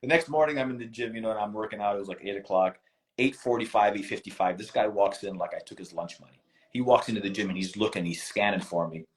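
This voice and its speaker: A man with a fairly low voice, guesting on an interview and telling stories with lively, emphatic energy. He talks casually and leans hard into his points. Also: fast talker. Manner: animated, emphatic storyteller.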